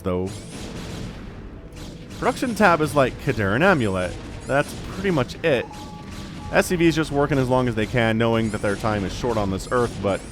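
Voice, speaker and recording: Chatty man casting a strategy game. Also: mid-range voice. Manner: chatty, rambling asides, easily excited. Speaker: esports caster. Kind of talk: solo game commentary.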